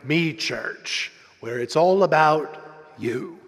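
A man voicing a deep-voiced male church ad announcer who intones in a smooth, salesy pitchman style. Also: animated, takes it slowly, big-room sound.

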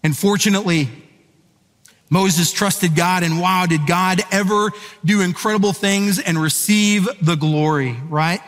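A man preaching a sermon, chatty and storytelling, pausing to question his listeners. His voice sits a little high, and it rings out with a long hall reverb. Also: a bit bright, soft background music. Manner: conversational storytelling, asks the audience questions. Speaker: pastor. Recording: echoey hall.

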